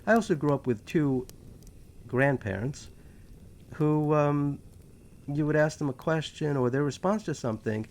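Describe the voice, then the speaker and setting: A man from New York with a New York accent, hosting a talk show in a casual, animated monologue full of sarcastic asides. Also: on the high side, measured pace, long pauses. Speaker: podcast host.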